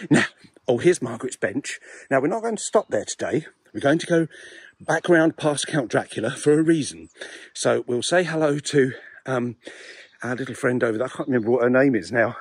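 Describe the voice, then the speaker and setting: An English man in his sixties, out of breath from a brisk walk, rambling wryly and chattily through a vlog while strolling outdoors in a cemetery. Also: mid-range voice, breathy edge. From England. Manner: chatty, wry and self-mocking. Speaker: vlogger.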